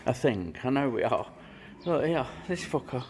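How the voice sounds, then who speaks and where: A man's voice: mid-range voice, moderate pace, slight background noise. A man in his fifties, a custom motorcycle builder, giving rambling workshop build commentary and swearing freely as he works.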